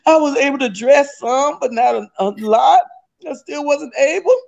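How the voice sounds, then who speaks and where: A woman's voice: high-pitched, normal speed, creaky, darkish tone. A woman giving a fervent, tearful spoken religious testimony, repeating phrases as she speaks. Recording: dull lo-fi recording.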